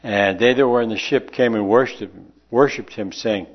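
A man preaching a sermon in a folksy, conversational way, slowing down to stress key words. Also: lowish voice. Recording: dull lo-fi recording.

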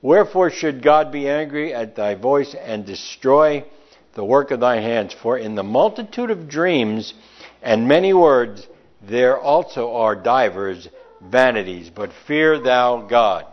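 A man's voice: medium pitch, expressive, slow, dull audio. A man preaching a sermon, emphatic and conversational, often asking his listeners questions.

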